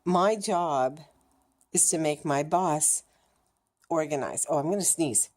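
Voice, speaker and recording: A middle-aged woman chatting casually to camera in her vlog, frank and animated, laughing often and swearing now and then. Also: low voice. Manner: animated, laughing, mimics racing thoughts with fast chatter. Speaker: vlogger sharing her cancer journey.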